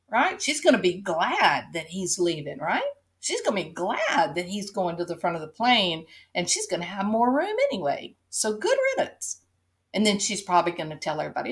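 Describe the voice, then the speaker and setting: A woman's voice: mid-range voice, very animated, moderate pace. A woman hosting an opinion commentary, sarcastic and pointed, driving her case with rhetorical "right?" questions. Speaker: commentary show host.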